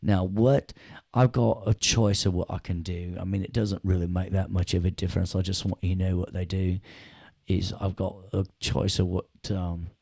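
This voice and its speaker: Low gravelly guy teaching a class, jokey and chatty, dry sound. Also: flat delivery, moderate pace, dark tone, no room sound. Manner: chatty, jokey, addresses students directly. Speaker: audio production instructor. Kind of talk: casual screen-share software lesson.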